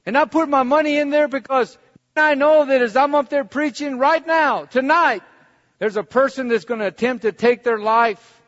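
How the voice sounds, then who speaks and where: High pitched preacher guy telling his story then getting fired up, dull recording in a big echoey hall. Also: moderate pace, fairly bright tone. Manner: conversational storytelling building to fervent preaching. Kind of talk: sermon with personal testimony. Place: church hall.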